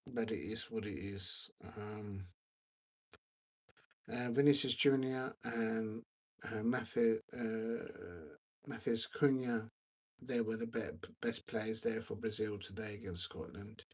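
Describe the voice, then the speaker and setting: A man's voice: lowish voice, steady tone, slow, slightly rough. A tired man hosting a football watch-along live stream, rambling casually, using many fillers and reading out viewer comments.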